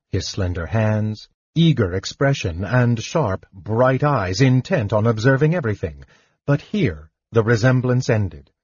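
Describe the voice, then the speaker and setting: A man narrating a fantasy novel as an audiobook reader, in lively storytelling fashion. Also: medium pitch, dry recording. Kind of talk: scripted narration. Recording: dull lo-fi audio, husky.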